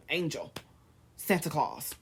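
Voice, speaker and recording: A man's voice: fairly high pitch, wildly swooping pitch, takes it slowly, fairly bright tone, slight background noise. A man vlogging, firing off heated rhetorical questions in a rant to camera. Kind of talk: ranting to camera.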